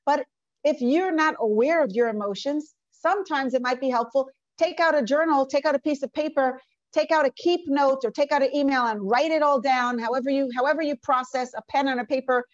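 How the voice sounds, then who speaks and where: A woman's voice: sits high, fairly quick, no echo, highs cut off. A woman teaching a class from a workbook, earnest and conversational, with lots of rhetorical questions. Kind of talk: lecture from a workbook.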